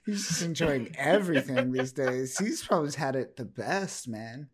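A man's voice: mid-range voice, normal speed, breathy edge. Laid-back man recapping comics. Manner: relaxed recapping with fillers, bursts of play-acting. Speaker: podcast co-host. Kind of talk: casual chat about comics.

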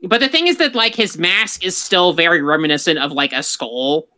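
A bright, clear voice belonging to a podcast co-host who rambles through opinionated pop-culture chat. The talk loops through a lot of fillers and restarts. Its pitch sits in the middle range. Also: normal speed.

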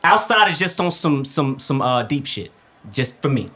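A man's voice: mid-range voice, sing-song, moderate pace, sharp tone. A man co-hosting a podcast in casual chat, playful and stubborn, laughing as he argues. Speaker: podcast co-host.

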